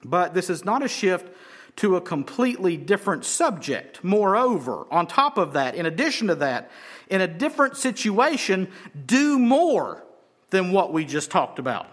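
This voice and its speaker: A man preaching an expository sermon, emphatic and repeating phrases for stress, slowing down on key words. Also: high voice, sing-song, fairly bright tone. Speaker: pastor.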